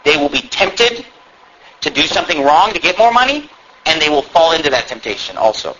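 A man's voice: a little high, very animated, fairly quick, bright, forceful tone. A male pastor preaching a sermon, emphatic and full of rhetorical questions. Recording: dull lo-fi with faint noise.

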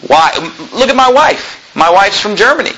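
Husky high-voiced man preaching emphatically. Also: animated, normal speed, bright, forceful tone, low-quality recording. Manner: emphatic preaching with rhetorical questions to the congregation. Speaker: pastor. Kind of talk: sermon. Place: church pulpit.

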